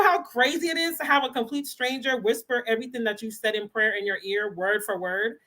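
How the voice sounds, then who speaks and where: A young woman, chatting casually to her channel about faith, animated and quick to laugh. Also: on the high side. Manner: animated, laughs often, talks with youthful slang. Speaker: faith vlogger. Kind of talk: casual chat to camera.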